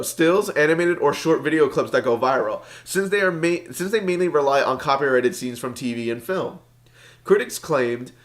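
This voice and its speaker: A male podcast co-host reads a news article aloud in a casual, chatty way, with a mid-range voice. He stumbles over words and keeps breaking into laughter between quotes. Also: mid-range voice.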